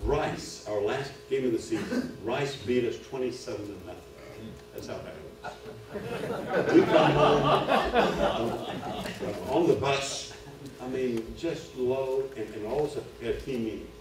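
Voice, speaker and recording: A middle-aged man with a mid-range, unhurried voice speaks as a retreat speaker in a church retreat hall, giving a sermon built around a personal story. His storytelling gradually swells into loud preaching. The mic sits far off, the hall echoes heavily, and music plays underneath.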